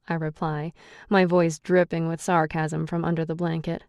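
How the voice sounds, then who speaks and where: A woman's voice: deep voice, level tone, moderate pace, gravelly, darkish tone, dry recording. A woman narrating a first-person audiobook in a wry, sarcastic storytelling manner, close to the mic.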